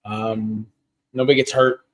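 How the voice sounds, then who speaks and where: A man's voice: fairly low pitch, little pitch movement, a little slow. A man co-hosting a sports podcast over a video call, rambling and chatty with many fillers. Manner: rambling, lots of fillers and restarts. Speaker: podcast co-host. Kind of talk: casual sports chat. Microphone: home setup on a video call.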